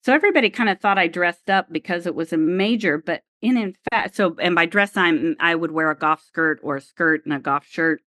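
Lively woman spinning a tale. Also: lowish voice, fairly quick, few pauses, no room sound, studio quality. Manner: animated storyteller acting out dialogue. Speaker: guest, former TV crew member. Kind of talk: storytelling in a podcast interview.

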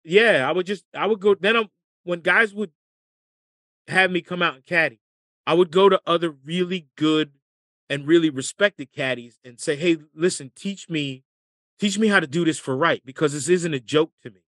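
Man, podcast guest, lively storyteller, higher-pitched voice, dry close sound. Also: normal speed, no room sound. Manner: lively storyteller, laughs through his anecdotes. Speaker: podcast guest, former caddie and comedian. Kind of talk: casual storytelling interview.

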